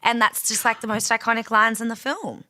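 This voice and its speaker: Chatty young woman, bright voice. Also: a little high, brisk. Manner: chatty, gossipy, animated storytelling. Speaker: podcast co-host. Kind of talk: casual chat.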